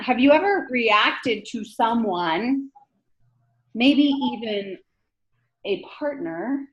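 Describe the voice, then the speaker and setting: A woman lecturing a class in a conversational way, often checking in with the room by asking "right?". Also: medium pitch. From northern United States. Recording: dull lo-fi lecture recording.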